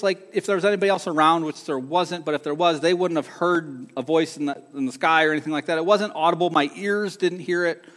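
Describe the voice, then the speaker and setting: A man giving an earnest sermon testimony, telling a personal story that swings between soft and emphatic moments. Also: on the high side. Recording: long hall reverb.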